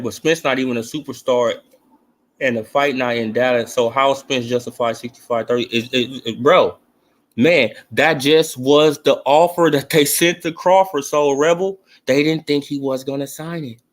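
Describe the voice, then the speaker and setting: A man's voice: medium pitch, fairly even intonation, a little slow. A man hosting a casual boxing talk show, talking back to his chat, emphatic and slangy with plenty of cursing. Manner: emphatic, profane, slangy, fired-up. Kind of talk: casual opinionated sports talk.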